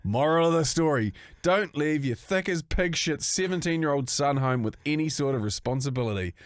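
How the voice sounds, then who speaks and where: A man's voice: fairly high pitch, animated, fairly quick, no room sound, studio quality. Crude man telling a story. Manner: crude, sweary, laughing storyteller. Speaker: podcast co-host. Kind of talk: casual storytelling chat.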